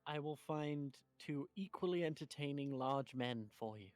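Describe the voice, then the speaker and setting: A man's voice: a little high, lively intonation, measured pace, darkish tone, no room sound, faint music behind. Brief: man playing a dry, obliging office secretary, slightly raised voice. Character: polite female secretary, efficient and dry.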